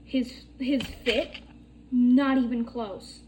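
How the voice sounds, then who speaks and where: Young woman vlogger, slow and chatty, slightly high voice, faint background hiss. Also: fairly even intonation, mellow. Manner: chatty, swears casually, rambling storytelling. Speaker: crafting tutorial vlogger. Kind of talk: casual chat while demonstrating bead crafting.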